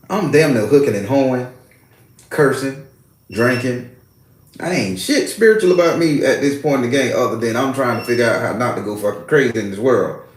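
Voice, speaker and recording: Brief: middle-aged male host, streetwise storyteller, swings his pitch a lot, roomy echo. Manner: profane, animated, streetwise slang. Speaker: spiritual worker and host. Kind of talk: casual storytelling monologue. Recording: very echoey room.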